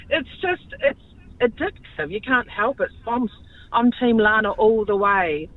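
A woman's voice: fairly high pitch, sing-song, measured pace, no room sound. Cheerful woman calling in on a phone line. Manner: cheerful, giggly. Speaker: caller.

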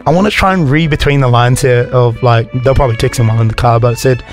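A man's voice: medium pitch, steady tone, fast talker, soft background music. A man co-hosting casual breakfast radio, playful and teasing. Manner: playful, teasing, laughs easily. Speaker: radio co-host. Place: radio studio.

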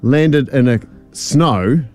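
A man's voice: medium pitch, very slow, darkish tone, soft background music. A man co-hosting a radio breakfast show, retelling a wartime survival story in short, punchy, dramatic sentences. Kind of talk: casual storytelling on air.

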